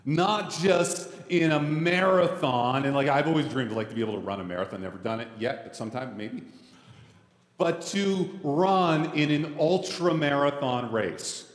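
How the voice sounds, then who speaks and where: A man's voice: a little high, moderate pace. A man in his forties, a pastor preaching a sermon in a casual, joking, self-deprecating way. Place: church sanctuary. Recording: roomy hall reverb.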